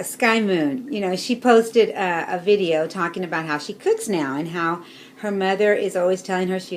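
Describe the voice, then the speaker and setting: A woman's voice: fairly low pitch, a little hiss or hum. A woman chatting casually to her camera as a vlogger, showing things with bowls and laughing often.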